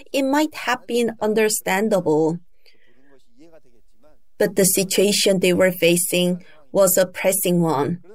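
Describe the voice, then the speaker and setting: Woman, sermon, slow measured delivery, storytelling. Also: medium pitch. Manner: slow, deliberate storytelling with emphatic raised cries for quoted shouts. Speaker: preacher.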